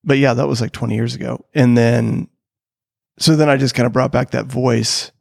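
Gravelly middle-aged man, rambling casually. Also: medium pitch, steady tone, normal speed, darkish tone, dry recording, studio quality. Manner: rambling, many restarts. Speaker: character comedian, podcast guest. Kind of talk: casual conversation.

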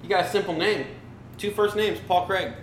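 A man's voice: sits high, fairly even intonation, normal speed, roomy sound, a little hiss or hum, low-quality recording. A man in casual banter as a podcast co-host, joking and eager, often repeating himself. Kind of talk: casual chat.

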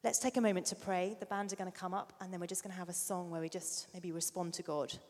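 A middle-aged woman preaching a sermon, an animated storyteller who sometimes drops to a soft near-whisper. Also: fairly low pitch, fast. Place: church hall. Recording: long reverb of a large hall.

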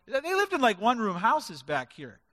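High-voiced, emphatic male preacher. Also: huge pitch swings, moderate pace, bright, forceful tone. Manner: emphatic, drives points home with stacked word lists. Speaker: pastor. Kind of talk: sermon. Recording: reverberant hall.

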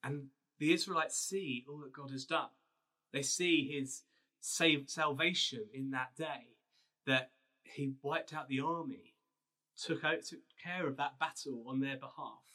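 A man's voice: fairly high pitch, fairly even intonation, a little slow, bright, forceful tone. A man, a pastor telling a Bible story as a casual, conversational sermon. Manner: storytelling, conversational with restarts and fillers.

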